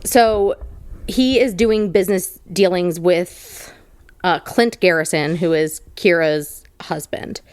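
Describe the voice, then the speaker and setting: A woman's voice: fairly low pitch, fairly even intonation, slow, no echo, clean studio sound. A woman co-hosting a casual book-club podcast, summarizing a novel with fillers and blunt crude jokes. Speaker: podcast co-host.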